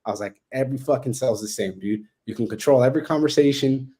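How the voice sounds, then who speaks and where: A man talking as a guest on a podcast, blunt and animated, swearing constantly and acting out the voices of people in his stories. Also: mid-range voice, fast. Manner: heavy swearing, blunt and animated, acts out quoted exchanges. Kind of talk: casual podcast conversation.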